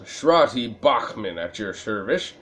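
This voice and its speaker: A man voicing a stout, gruff old male junk dealer who is meant to sound German, reading the lines slowly in a lowered voice. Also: big pitch swings, fairly bright tone, heavily acted. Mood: folksy.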